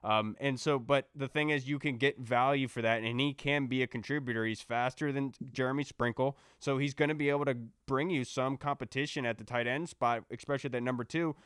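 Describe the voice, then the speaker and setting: A man's voice: mid-range voice, fairly even intonation, brisk, few pauses, fairly bright tone, smooth, no echo, clean studio sound. A man co-hosting a casual sports podcast, talking confidently and reading out listener questions. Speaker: podcast co-host.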